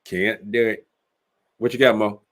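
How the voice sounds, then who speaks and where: Man, lowish voice, laid-back joking livestream host, slangy casual banter, video call audio. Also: steady tone, measured pace, a bit bright. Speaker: host of a live online telethon stream.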